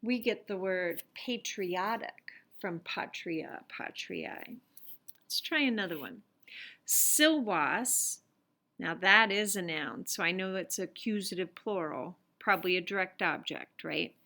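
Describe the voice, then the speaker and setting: A woman's voice: fairly low pitch, lively intonation, a little slow, bright, forceful tone. A woman teaching Latin, patiently walking through worksheet examples and sounding out each phrase. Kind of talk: explaining worksheet exercises.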